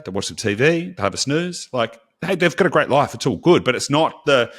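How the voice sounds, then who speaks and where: A man co-hosting a podcast in a casual, blunt, animated way, swearing freely. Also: medium pitch, breathy edge. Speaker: podcast co-host.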